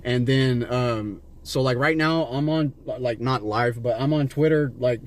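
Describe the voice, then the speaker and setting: A Las Vegas, USA vlogger filming a street encounter talks to a stranger from the driver's seat, telling a long, meandering story with a handheld camera in the car recording. His mid-range voice is unhurried, and his casual talk is profane and rambling, packed with fillers, false starts, and repeated "you know what I'm saying."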